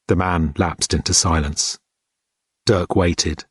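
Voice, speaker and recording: A man reading an audiobook in a measured, understated narrating manner. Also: low-pitched, fairly even intonation, breathy edge, no room sound, studio quality. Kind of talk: scripted narration.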